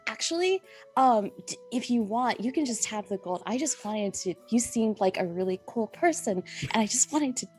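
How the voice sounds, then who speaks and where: A woman's voice: fairly high pitch, animated, normal speed, darkish tone, faint music behind, close to an everyday voice. A woman voicing a sweet, awkward character who stammers and tries to make friends in a tabletop game.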